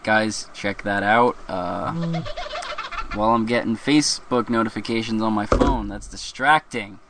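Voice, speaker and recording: A Philadelphia-area man hosts a casual live show, rambling, cracking jokes and laughing often. His voice sits on the low side and moves a little slowly, with a noisy background behind him.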